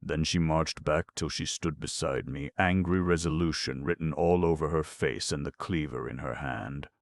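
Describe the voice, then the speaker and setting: A man narrating an audiobook in a measured storytelling manner. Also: rumbling low, creaky, no echo.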